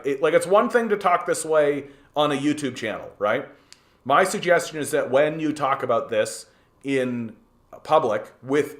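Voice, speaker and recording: A man hosting a livestream and answering his chat. He is heated and fired up, swears often and keeps stumbling over restarts with lots of "uh". His pitch sits in a plain middle range. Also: fairly bright tone. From Canada. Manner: swears freely. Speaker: political livestream host. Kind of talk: livestream commentary reading chat.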